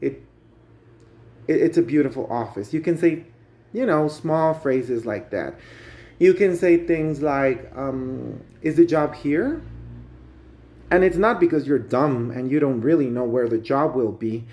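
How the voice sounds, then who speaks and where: A man with a Guatemalan Spanish accent, a native Spanish speaker, gives a casual spoken English lesson. He talks in a chatty, friendly teacher's way and keeps turning to his viewers. His voice sits a little high for a man. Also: lively intonation, measured pace, darkish tone. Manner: chatty, calls viewers guys.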